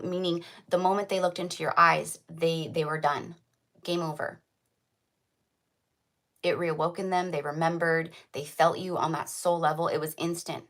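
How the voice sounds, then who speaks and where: A woman's voice: low-pitched, fairly even intonation, normal speed, fairly bright tone. A woman giving a casual tarot reading to camera, rambling and filling her talk with "like" and "right?". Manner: chatty, rambling, full of "like" and "right?". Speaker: tarot reader.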